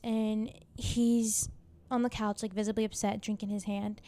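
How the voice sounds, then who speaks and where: A woman's voice: fairly high pitch, warm tone. A young woman hosting a casual recap of a TV drama, talking chattily with lots of "like" fillers and side comments. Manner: chatty, full of "like" fillers and asides. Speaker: YouTube recap host.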